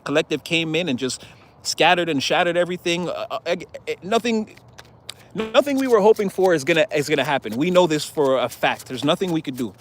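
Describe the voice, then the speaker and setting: A male tarot reader talks through his cards in a loose, rambling way and laughs often. His voice sits slightly high, with a faint background hum. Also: a little fast. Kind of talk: casual tarot reading.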